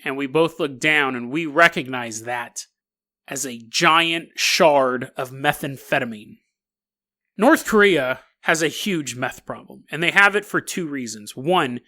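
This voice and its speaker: Man, podcast host, high voice, bright tone, comic storytelling. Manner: jokey, acts out silly little scenes. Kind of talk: comedic storytelling monologue.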